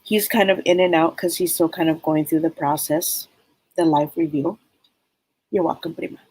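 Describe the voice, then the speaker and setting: Low-pitched woman, psychic medium, rambling and halting delivery. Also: steady tone, a little mellow, low-quality recording. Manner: rambling, halting, many fillers. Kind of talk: live spirit reading.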